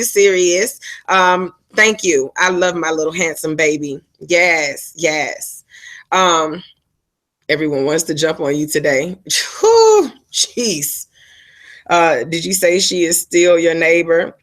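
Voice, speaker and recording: A woman with a lowish, slightly bright voice hosts her own livestream from a phone and laptop setup. She tells a story in a chatty, slangy way, breaking off now and then to answer her viewers.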